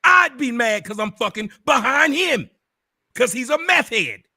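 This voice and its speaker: Man, confrontational profane ranter, wide swooping pitch, breaks into shouts. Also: big pitch swings, a little slow, gravelly, no room sound, clean studio sound. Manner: bursts into shouting. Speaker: online commentator. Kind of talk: angry direct-address rant.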